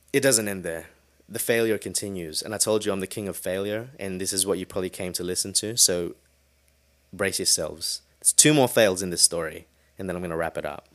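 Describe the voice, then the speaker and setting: A man hosting a solo podcast, telling a story in a casual, animated way and swearing freely. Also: deep voice. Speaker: podcast host.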